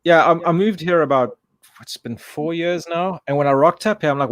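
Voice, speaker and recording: A man's voice: a little high, normal speed, no room sound. A man chatting casually as a stream co-host, rambling with frequent restarts. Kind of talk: casual chat.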